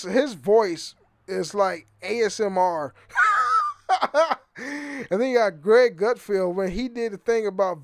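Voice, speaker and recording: A young man with a fairly high voice rambles through his own podcast, swearing freely and tripping over repeated words. The sound is close and dry, with no room around it. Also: no room sound. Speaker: podcast host. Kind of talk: rambling casual monologue.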